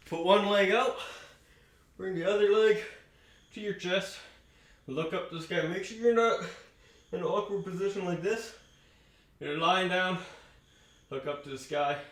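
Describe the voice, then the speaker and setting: A man's voice: high-pitched, unhurried, pauses often. A man leading a home workout, counting reps aloud and catching his breath as he exercises. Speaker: fitness instructor. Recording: echoey room.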